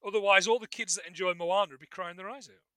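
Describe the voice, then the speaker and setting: A man co-hosting a casual film chat, animated and jokey, swearing freely. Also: sits high, fast talker, dry recording. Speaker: podcast co-host.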